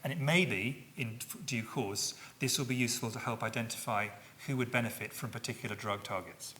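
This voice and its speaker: A middle-aged man giving a public lecture, speaking in a measured way with frequent fillers and self-corrections. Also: medium pitch, bright, forceful tone, a little hiss or hum.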